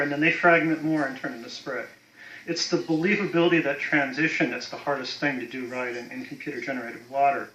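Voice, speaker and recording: A man explaining technical visual-effects work in a measured, explanatory way. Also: fairly high pitch, fairly bright tone, muffled recording, a little hiss or hum. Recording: roomy echo.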